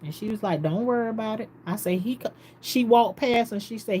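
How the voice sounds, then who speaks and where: A woman's voice: a little high, brisk, slight background noise. Woman telling a story, laughing often. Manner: animated storytelling, laughs often, quotes others. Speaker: vlogger. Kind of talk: casual storytelling.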